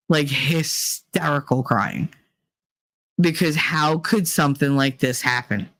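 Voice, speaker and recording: A woman's voice: deep voice, no room sound. A woman telling a story in casual chat, acting out quoted lines with feeling. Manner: animated, emotional, acts out quotes. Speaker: streamer.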